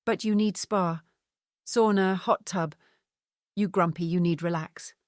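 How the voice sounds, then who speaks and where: A woman's voice: lowish voice, steady tone, a little slow, dry recording, clean studio sound, close to an everyday voice. A woman voicing a bossy foreign woman who speaks clipped, broken English in an audiobook. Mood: insistent.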